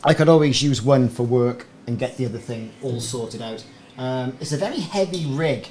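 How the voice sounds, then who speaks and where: A man chats loosely into a podcast microphone, with a mid-pitched, unremarkable voice. He rambles and pokes fun at himself. A faint fan hum sits underneath the recording. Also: normal speed, darkish tone. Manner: rambling, chatty, self-deprecating. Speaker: gaming streamer. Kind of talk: casual live stream chat. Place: small warm home room. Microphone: desk podcast microphone. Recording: faint room fan noise.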